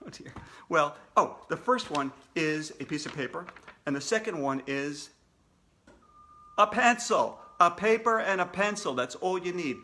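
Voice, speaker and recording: A man's voice: a little high, sharp tone, slight background noise. A man, a children's author, reading his own storybook aloud to kids in a playful way with jokey asides.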